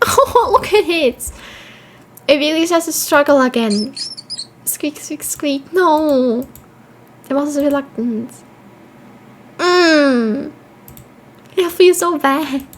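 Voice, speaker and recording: High-pitched woman streamer reading game text aloud between swearing reactions, faint noise behind. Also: expressive, takes it slowly, long pauses, poor audio. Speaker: streamer playing a horror game.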